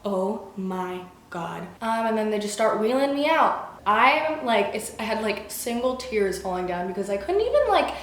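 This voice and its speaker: A woman's voice: on the high side, big pitch swings, moderate pace, hardly any pauses, roomy sound. A young woman telling a personal story in a casual storytime vlog, chatty and full of fillers, acting out what people said. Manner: chatty, filler-heavy, acts out quotes. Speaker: vlogger.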